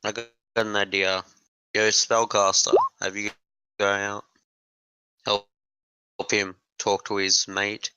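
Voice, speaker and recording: A man playing a tabletop game, casually thinking aloud and pitching plans. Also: little pitch movement, takes it slowly, pauses often, pushed and bright, smooth, poor audio. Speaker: player. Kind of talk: tabletop role-play.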